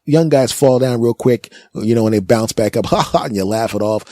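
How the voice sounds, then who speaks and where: A man in his forties hosting a comedic monologue, rambling and animated, often checking in with "right?". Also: mid-range voice, fairly quick, no echo, studio quality. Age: 40s. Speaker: podcast host.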